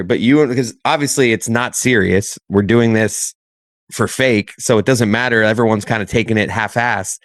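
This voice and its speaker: A man's voice: medium pitch, normal speed, fairly bright tone, no echo, clean studio sound. A young adult man co-hosting a podcast in casual chat, teasing and acting out scenes in little voices. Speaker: podcast co-host.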